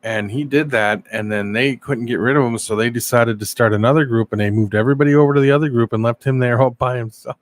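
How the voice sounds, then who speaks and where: A man hosting a casual live stream, telling animated stories and answering viewers' chat. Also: mid-range voice, fast, hardly any pauses, no room sound. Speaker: live-stream show host.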